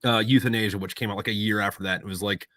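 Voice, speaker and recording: A man's voice: lowish voice, fairly even intonation, rapid-fire, fairly bright tone, no echo, clean studio sound. A man hosting a podcast in casual chat, swearing freely and explaining things at length. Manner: loose and profane, explains at length. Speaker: podcast host.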